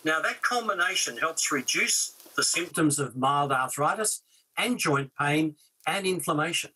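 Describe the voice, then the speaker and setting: Bright, husky-voiced man co-hosting a cooking segment, enthusiastic. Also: on the high side, expressive, a little slow, poor audio. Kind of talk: scripted TV presenting.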